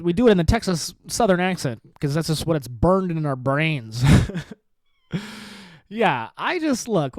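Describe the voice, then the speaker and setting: In a dry recording, a man with a high voice hosts a podcast. His casual political rant rambles along, sarcastic and profane, packed with rhetorical questions and phrases he keeps repeating.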